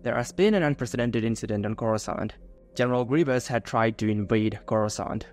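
A man's voice: medium pitch, fairly quick, a little mellow, faint music behind, natural voice. A man voicing a grave male Jedi master in a fan-fiction narration, his delivery heavy with concern.

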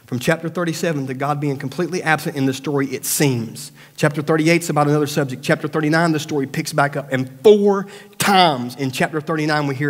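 In a church sanctuary with a long, trailing hall reverb, a high-pitched male pastor preaches a lively sermon at a fast clip. He acts out the voices of doubt and prayer, then drops soft and low for the serious points.

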